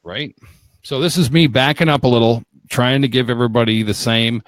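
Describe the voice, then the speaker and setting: A man's voice: medium pitch, fairly even intonation, brisk, no room sound. Rambling middle-aged male talk host. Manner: rambling, joking, talks over others. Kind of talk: casual live talk show chat. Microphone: video call.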